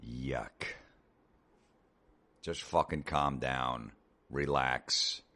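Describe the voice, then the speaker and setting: A man with an extremely deep, low voice rants his way through a comedy podcast monologue. He talks sarcastically, swears constantly and keeps telling listeners to relax. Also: moderate pace, a bit bright. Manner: profane, sarcastic ranting. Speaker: podcast host.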